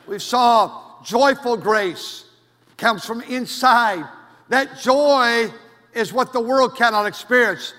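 Man, pastor, sermon, loud then hushed, bright tone, long hall reverb. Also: extremely high pitch, slow. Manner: preachy, swings from loud to hushed. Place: church sanctuary.

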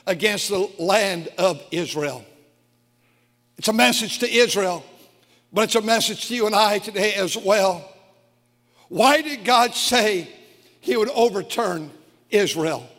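High-voiced preacher in a reverberant hall. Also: male voice, lively intonation. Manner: swings from low, quiet lines to shouted peaks; reads scripture slowly, drawing out words. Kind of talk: fiery sermon.

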